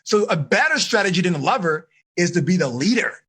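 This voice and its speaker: A man with a high, bright voice and a slightly husky edge coaches a room of teenagers. He talks with lots of energy, pushing them for high fives and answers, and acts out short scenes to make his points. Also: brisk. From United States. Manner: animated, coaxing the audience, acts out quoted voices. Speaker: life coach teaching a teen seminar. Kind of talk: energetic live seminar talk.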